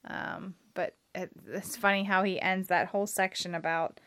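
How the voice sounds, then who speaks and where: A woman's voice: medium pitch, steady tone, normal speed, fairly bright tone. Woman on a bible podcast, medium voice, chatty, lots of mm-hmms and laughing. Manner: conversational, affirming, laughs. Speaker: podcast co-host. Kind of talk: casual Bible discussion.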